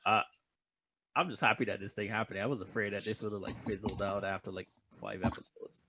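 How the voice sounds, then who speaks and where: A man's voice: on the low side, steady tone, a little fast, bright, forceful tone, slight background noise. A young man co-hosting a podcast in casual chat, joking loosely, swearing freely and laughing often. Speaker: podcast co-host.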